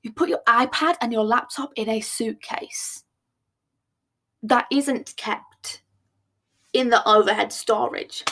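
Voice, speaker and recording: Woman podcast host, casual storyteller, slightly high voice, self-mocking. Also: a little slow, a bit bright.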